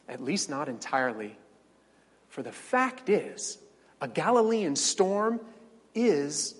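A man's voice: medium pitch, slightly rough, long reverb tail. A middle-aged male pastor preaching a sermon, storytelling with dramatic swells and wry asides.

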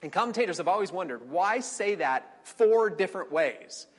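A man teaching a conversational Bible study, chatty, with fillers and quick quoted asides. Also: sits high, expressive, breathy edge. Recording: long reverberant hall.

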